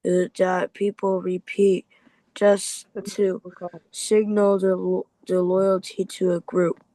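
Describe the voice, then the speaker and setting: Young man haltingly reading aloud. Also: sits high, monotone, warm tone, no room sound, low-quality recording. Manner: hesitant, stumbling over hard words.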